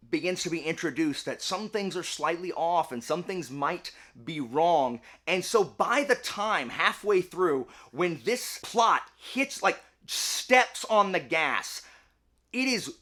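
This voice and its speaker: A young man giving a casual, chatty review, full of fillers and animated retellings. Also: high-pitched. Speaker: book and game reviewer.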